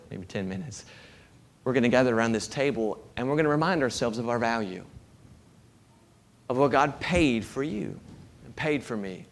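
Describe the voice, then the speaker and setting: A man's voice: mid-range voice, a bit bright. A man preaching a sermon to his congregation, emphatic and repetitive in his delivery. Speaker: pastor.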